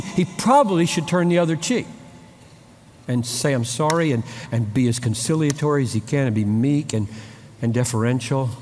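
A man preaching with a lively, swooping delivery, his voice fairly high for a man. He acts out brief dialogues in shifting voices as he makes his points. The sound carries a long hall reverb. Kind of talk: sermon.

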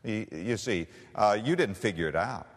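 A man preaches with theatrical swings, climbing high and loud, then dropping to a near hush. His pitch rolls animatedly as he stretches out the words he wants to land. The sound rings with the long reverb of a large hall. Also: animated. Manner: dramatic, with big swings between soaring and hushed phrases; slow, drawn-out emphasis on key words. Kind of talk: sermon.

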